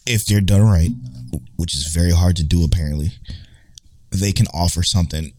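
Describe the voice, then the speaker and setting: A man's voice: low voice, moderate pace, a little mellow, dry recording, clean studio sound. A young man hosting a casual podcast chat, rambling and swearing freely as he corrects himself mid-sentence. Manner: rambling, profane, self-correcting. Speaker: podcast host.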